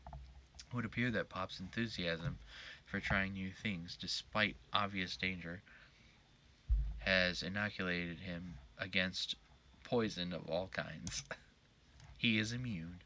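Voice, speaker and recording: A man's voice: sits low, pushed and bright, a little hiss or hum. A man streaming a game live, reading its text aloud in a joking, playful way.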